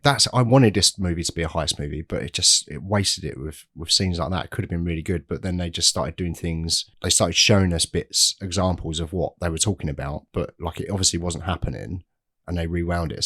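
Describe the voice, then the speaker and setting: Deep-voiced, sweary man. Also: a bit bright, no room sound, clean studio sound. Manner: blunt, sweary and sardonic. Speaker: podcast co-host. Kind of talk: casual film chat.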